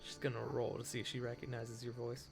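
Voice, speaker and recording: A man's voice: medium pitch, level tone, quick pace, vocal fry, music in the background. A man running a tabletop game as game master, narrating casually with many fillers and restarts.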